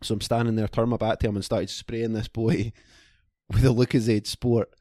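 Scottish man, low voice, casual chat, swears a lot, rambling storyteller, dry close mic. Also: moderate pace, no room sound. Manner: sweary, rambling, animated anecdote-telling.

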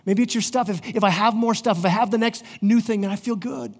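Pastor guy preaching, fairly high voice, earnest, keeps restarting words, long echo in the church. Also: quick pace, husky. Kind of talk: sermon. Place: church sanctuary. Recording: long hall reverb.

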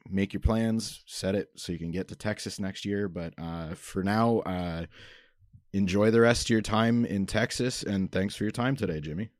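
Young male interviewer, very low voice, loose filler-heavy delivery, dry sound. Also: normal speed, a little mellow, no echo. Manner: rambling questions with many fillers. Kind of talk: casual interview.

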